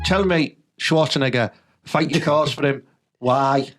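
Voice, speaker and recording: A Teesside man hosting a comedy podcast, trading deadpan, teasing jokes with his co-host. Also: on the high side, a little slow, soft background music.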